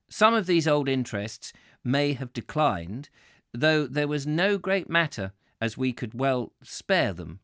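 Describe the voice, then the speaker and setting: A man's voice: medium pitch, a bit bright, no room sound, clean studio sound. A man hosting a live book reading, chatting between passages and laughing at his own slips over words. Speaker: host reading a book aloud. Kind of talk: live-streamed book reading with chat asides.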